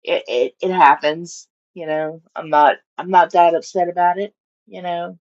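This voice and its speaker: A woman's voice: fairly low pitch, steady tone, measured pace. A woman chatting casually on a home live stream about her fish tanks, rambling and giving her fish silly voices. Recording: dull lo-fi stream audio.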